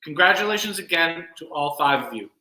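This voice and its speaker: A man serving as master of ceremonies, giving earnest, measured formal closing remarks at a virtual event. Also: fairly high pitch, expressive, bright, forceful tone, echoey room, poor audio. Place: home room, virtual event.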